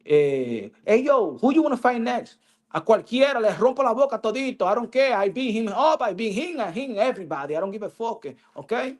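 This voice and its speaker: A man putting on a cocky male boxer who taunts rivals loudly, switching between English and Spanish. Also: very high voice, animated, a little fast, voice pushed up. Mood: taunting. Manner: loud swaggering taunts mixing English and Spanish. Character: brash cocky male Dominican boxer talking trash.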